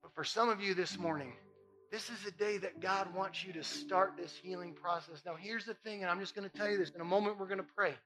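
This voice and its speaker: A man's voice: high-pitched, fairly even intonation, brisk, music in the background. A man preaching as a pastor, impassioned and emphatic, repeating phrases for effect. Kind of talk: sermon.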